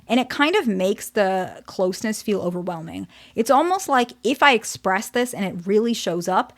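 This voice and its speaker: A woman's voice: mid-range voice, expressive, normal speed, fairly bright tone. Direct woman therapist teaching casually. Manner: direct, checks in with frequent "okay?".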